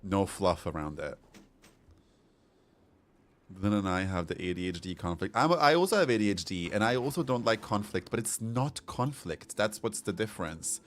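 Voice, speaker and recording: A man's voice: low-pitched, lively intonation, normal speed, fairly bright tone. A man from Europe chatting frankly with viewers during a live game stream. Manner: frank, chatty, responds to chat. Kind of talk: casual live-stream chat.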